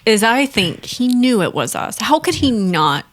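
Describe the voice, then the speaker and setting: A woman's voice: fairly high pitch, very animated, unhurried, a bit bright. A woman co-hosting a casual podcast, chatting with wry asides. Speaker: podcast co-host. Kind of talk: casual chat.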